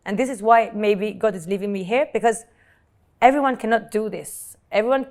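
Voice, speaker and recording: A woman, telling her own life story as an interview guest in an earnest, halting way, often repeating words when moved. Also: mid-range voice, darkish tone. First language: French. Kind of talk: emotional personal storytelling. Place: Dubai.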